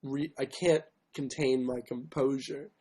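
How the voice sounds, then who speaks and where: A man hosting a casual livestream, with a sore throat and frequent throat clearing, who mocks himself and keeps apologizing and giving up on songs. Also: mid-range voice, steady tone, unhurried, mellow. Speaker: livestream host. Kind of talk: casual livestream chat with ukulele. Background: faint ukulele strumming.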